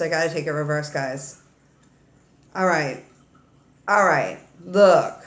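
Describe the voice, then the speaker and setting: A woman's voice: on the low side, reverberant. A woman doing a casual tarot reading, playful and slangy, swearing freely and talking straight to her viewers. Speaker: tarot reader.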